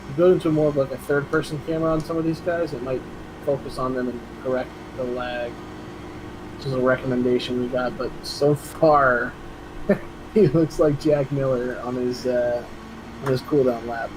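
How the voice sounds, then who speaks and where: A man's voice: medium pitch, fairly even intonation, normal speed. Casual male race caller, laughs easily, noisy stream audio. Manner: chatty, laughs easily, restarts mid-sentence. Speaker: race commentator. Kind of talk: esports race commentary.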